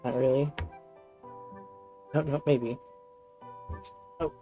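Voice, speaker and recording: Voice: medium pitch, fairly even intonation, slow, warm tone, soft background music. A streamer in casual live-stream chat, rambling and talking fondly to a pet cat while playing.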